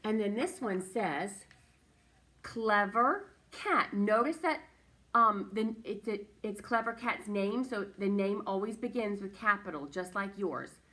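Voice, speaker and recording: This is a woman teacher guiding young kids through phonics, speaking at a measured pace in a mid-range, fairly bright voice. Patient and sing-song, she encourages them to echo her words. The room echoes and she is far from the microphone.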